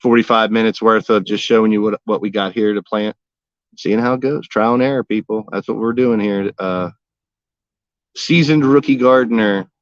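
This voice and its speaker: Hosting a laid-back gardening livestream from his backyard, this man rambles in a folksy way and jokes using old sayings. His voice sits on the low side at a normal speed, and the recording is dull with no room sound.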